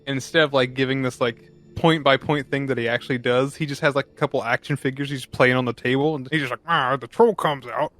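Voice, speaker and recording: A man's voice: mid-range voice, fairly even intonation, fast talker, hardly any pauses, fairly bright tone, soft background music. Laid-back rambling male podcast co-host. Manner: rambling, filler-heavy, laid-back critique. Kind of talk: casual movie review chat.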